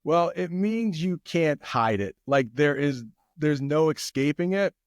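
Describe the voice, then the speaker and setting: A man's voice: fairly high pitch, lively intonation, measured pace, no echo, studio quality. An American man, a guest English teacher, chatting casually on a podcast in an easygoing way, often repeating his phrases. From United States.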